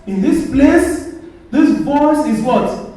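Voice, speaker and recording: A man preaching as a priest, his very high voice swooping with lively melody as he keeps asking the congregation to finish his sentences. He speaks slowly and deliberately. The sound is distant and booming, caught from far back in a reverberant church with faint ambience behind. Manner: call-and-response questioning of the congregation. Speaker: Catholic priest. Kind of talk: sermon.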